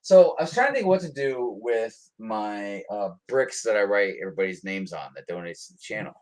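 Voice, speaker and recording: A man's voice: on the low side, fairly quick. An American man co-hosting a livestream, chatting casually and rambling with lots of ums. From United States. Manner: relaxed, rambling with many ums. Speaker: livestream co-host. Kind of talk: casual chat.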